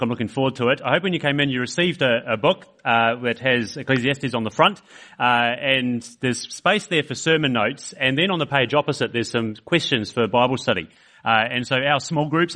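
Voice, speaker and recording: Kiwi guy preaching at church, chatty, lots of uhs and restarts, mid-pitched voice. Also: pushed and bright. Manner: conversational, with frequent uh fillers and restarts; acts out quoted voices in an illustration. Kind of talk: sermon. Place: church service.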